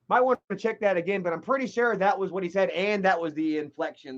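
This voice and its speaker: A high-voiced streamer rushes through a heated, profane retelling of a story, barely pausing, rambling and repeating himself. The recording sounds muffled.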